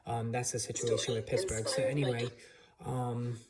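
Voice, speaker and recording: A man's voice: mid-range voice, level tone, moderate pace, heavy background noise. Opinionated man talking fantasy football. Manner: opinionated, frequent restarts and fillers. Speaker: fantasy football analyst, channel host. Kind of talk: casual solo commentary. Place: home computer setup.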